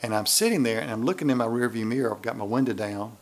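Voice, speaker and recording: A man's voice: mid-range voice, quick pace. A man preaching a sermon in a church, acting out little voices to make his points. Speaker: pastor.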